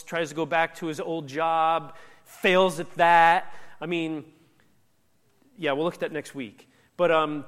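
A man with a fairly high voice preaches a sermon, talking in a conversational, emphatic way and acting out the lines he quotes. A long hall reverb trails after his words. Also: fairly bright tone. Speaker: pastor.

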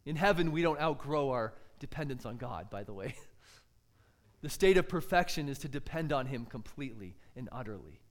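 A man's voice: mid-range voice, animated, normal speed. A man preaching a sermon, earnest and expository, often putting rhetorical questions to his listeners.

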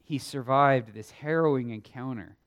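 A man teaching a Sunday school Bible lesson, earnest and emphatic, sometimes swelling loud and then dropping quiet. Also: medium pitch, normal speed, highs cut off. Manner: thinks aloud with small restarts.

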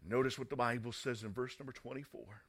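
A man's voice: mid-range voice, fairly even intonation, quick pace. A man preaching a sermon in a dramatic manner, reading scripture and rising to fervent emphasis.

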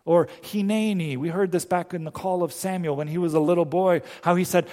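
A fairly high-voiced man preaches, retelling the story with deliberate pauses and slowed, weighty phrases. His voice carries a long reverb, as if he were speaking in a large hall. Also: fairly even intonation, a little mellow. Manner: storytelling, with slow emphatic pauses. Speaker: pastor. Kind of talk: sermon.

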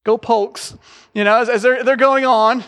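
High-voiced pastor, middle-aged, chatty jokey sermon, echoing church hall. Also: male voice, fairly even intonation, moderate pace, a bit bright. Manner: conversational, joking asides to the congregation. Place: church sanctuary.

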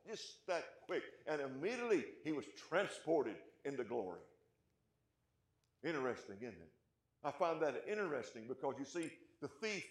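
Emphatic preacher in an echoey room. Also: male voice, medium pitch, sing-song, normal speed, pauses often. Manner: emphatic, rising loud on key points, then dropping quiet; asks the congregation rhetorical questions. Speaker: pastor. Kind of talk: sermon.

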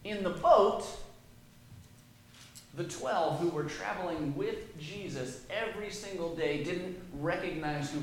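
A man's voice: fairly high pitch, slight background noise. Man preaching in a very echoey room. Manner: reads scripture aloud, then explains it conversationally. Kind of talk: sermon with scripture reading.

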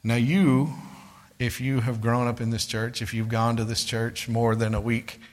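A man's voice: mid-range voice, little pitch movement, a little slow. A man preaching a sermon in a conversational way, talking to listeners as "guys" and telling stories from his street witnessing. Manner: tells street witnessing stories, voices others in quotes.

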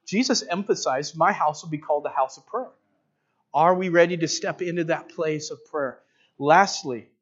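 A man's voice: fairly high pitch, lo-fi sound. A man preaching a sermon, earnest and direct, building to emphatic repeated phrases. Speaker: pastor.

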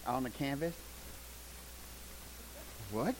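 An older man preaching a sermon, telling folksy stories, loud one moment and hushed the next. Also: mid-range voice, a little slow, noisy background. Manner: folksy, animated, shouts punchlines, drops to hushed tones. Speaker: pastor. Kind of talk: sermon with storytelling.

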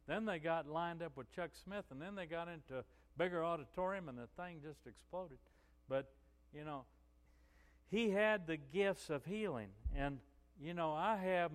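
A man's voice: on the high side, big-room sound. A male pastor preaching a sermon in a conversational storytelling way, with frequent "you know" asides.

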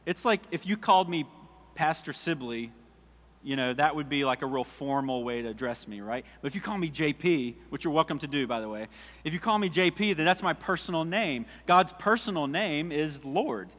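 A male pastor giving a relaxed, conversational sermon, reading scripture aloud and putting questions to his congregation. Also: a little high, normal speed, big-room sound. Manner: informal, asks the congregation questions, jokes.

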